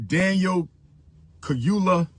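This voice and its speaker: A man giving an emphatic, preachy talk, slow and deliberate, repeating his points for weight. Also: high voice, husky, no echo. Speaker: commentator in a viral video clip. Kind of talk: emphatic speech.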